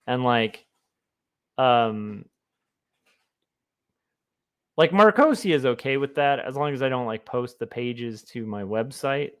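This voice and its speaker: A man's voice: mid-range voice, animated, normal speed. Rambling man chatting while drawing. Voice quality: rambling, self-amused, chatty asides. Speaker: comic artist streaming his work. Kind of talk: casual livestream chat.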